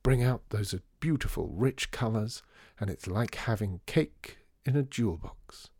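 A man reading Artie, a showy, quick-witted former store boss with a fondness for flourishes, voiced low and close in a dry storybook reading. He sounds amused by his own notoriety. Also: expressive, a little mellow, husky, no echo, full character voice. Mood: enthusing.

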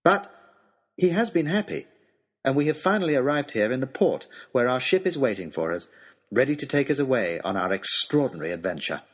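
A man's voice: mid-range voice, lively intonation, fairly quick, slightly rough. A man narrating a humorous storybook letter with dry, wry delivery. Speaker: audiobook narrator.

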